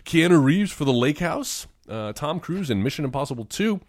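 A man's voice: a little high, sing-song, moderate pace, no echo. A man in his forties co-hosting a casual podcast, joking and laughing often. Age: 40s. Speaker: podcast co-host.

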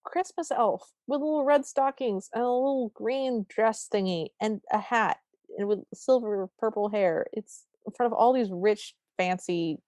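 A woman's voice: fairly high pitch, measured pace, no echo. A woman co-hosting a podcast, recapping a film in casual chat and acting out the characters' lines. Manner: animated storytelling, acts out quoted lines. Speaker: podcast co-host.

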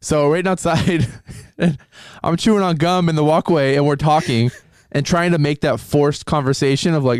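A man's voice: a little high, moderate pace, smooth, dry recording, studio quality. A man casually telling embarrassing dating stories, laughing often and swearing freely. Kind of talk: casual chat, storytelling.

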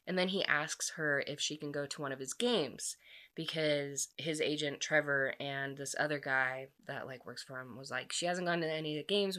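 A woman's voice: deep voice, a bit bright. A woman casually retelling a story's plot, chatty and full of fillers, briefly acting out the characters' lines. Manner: chatty, filler-heavy, acts out quoted dialogue.

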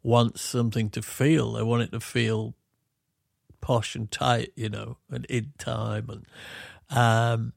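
Gravelly middle-aged Yorkshire man. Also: mid-range voice, level tone, takes it slowly, no room sound, clean studio sound. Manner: rambling, self-interrupting, explains gently. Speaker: podcast co-host, musician. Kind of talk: casual reminiscing chat.

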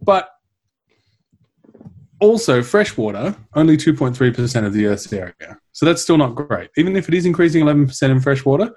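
Aussie guy telling a story on a podcast, jokey and sweary, bouncy pitch, kinda husky. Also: a little fast. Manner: wry, animated storyteller who swears and jokes. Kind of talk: casual comedic science chat.

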